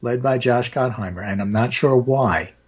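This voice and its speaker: Male talk host, hoarse and husky, rambling with fillers; muffled audio. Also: mid-range voice, normal speed. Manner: discursive, with frequent fillers. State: hoarse from allergies. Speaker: political talk show host. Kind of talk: casual political talk.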